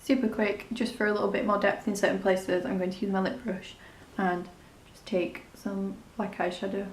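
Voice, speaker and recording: A woman's voice: mid-range voice, flat delivery, moderate pace, slight background noise. Chatty woman in an echoey room. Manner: chatty, rambling, self-deprecating. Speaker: makeup tutorial host. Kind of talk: casual step-by-step tutorial narration.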